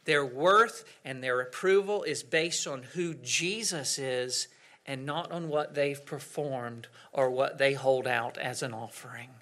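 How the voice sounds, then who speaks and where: A male pastor preaching a sermon earnestly, with dramatic pauses and swings from loud to hushed. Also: mid-range voice.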